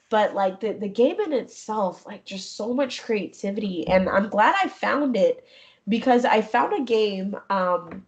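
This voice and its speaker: A young woman chatting as an interview guest. She talks in an animated, expressive way, laughing easily and slipping into little quoted voices. Her pitch sits in the middle. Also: muffled recording. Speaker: guest, gaming streamer. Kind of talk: casual interview chat.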